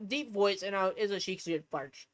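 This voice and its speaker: At a fairly quick clip and medium pitch, this woman streamer rants casually, spinning profane, meandering stories with lively, animated delivery.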